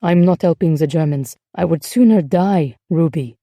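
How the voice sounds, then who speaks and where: A woman reading the lines of a weary, secretive French husband in an audiobook, in a low, guarded and tense way. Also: normal speed, mellow, no room sound, studio quality.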